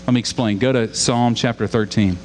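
Man preaching a sermon, middle-pitched voice, animated delivery, faint hum underneath. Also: brisk. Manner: animated preaching, dramatic when voicing scripture, then prayerful. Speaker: pastor.

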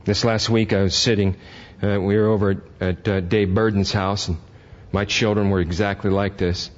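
A man's voice: fairly low pitch, level tone, normal speed. An older man preaching a sermon as pastor, talking plainly to his congregation and climbing to impassioned emphasis. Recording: dull lo-fi sermon recording.

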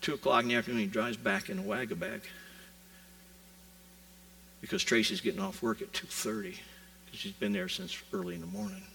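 A man pastor preaching a sermon and telling a story with animated delivery, acting out the people in it. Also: fairly high pitch, brisk, vocal fry, pauses often, recorded from a distance, poor audio. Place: church sanctuary.

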